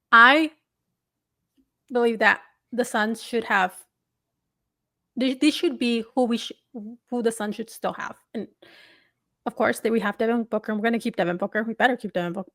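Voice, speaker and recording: Expressive woman hosting sports talk. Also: on the high side, normal speed, long pauses, no room sound, studio quality. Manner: expressive, emphatic, talks in loose fragments. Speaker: podcast host.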